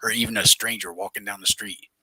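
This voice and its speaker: A man's voice: fairly low pitch, steady tone, fast, pushed and bright, husky, no room sound, rough recording. A man from the United States, a guest on the stream, talking earnestly in casual chat.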